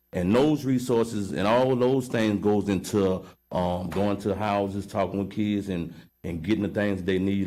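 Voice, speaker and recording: A man's voice: sits low, darkish tone. A man, an outreach worker, speaking earnestly and conversationally at a council podium. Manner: earnest, conversational, tags points with "right?". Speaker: community street outreach worker. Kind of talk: public comment at a council meeting.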